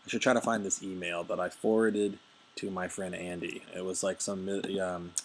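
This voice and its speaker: A man's voice: deep voice, little pitch movement, normal speed, a little hiss or hum. A man giving casual, rambling, jokey commentary while playing a card game. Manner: rambling, jokey, many fillers and asides.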